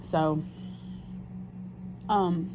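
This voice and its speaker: A woman's voice: fairly low pitch, very slow. A woman talking candidly in a casual confessional diary vlog, rambling with fillers and restarts and swearing freely. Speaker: diary vlogger. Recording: muffled lo-fi sound with steady background noise.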